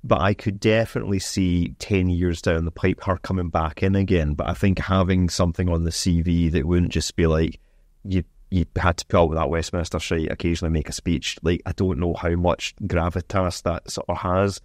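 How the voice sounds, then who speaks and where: A man's voice: low voice, steady tone, normal speed, a little mellow, dry recording, clean studio sound. A man chatting casually on a podcast, blunt and sweary in his manner. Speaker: podcast co-host.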